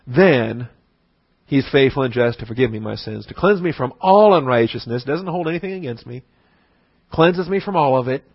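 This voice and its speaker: A man's voice: medium pitch, no echo, muffled recording. A man giving a conversational, emphatic sermon-style Bible lesson with frequent restarts. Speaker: Bible teacher.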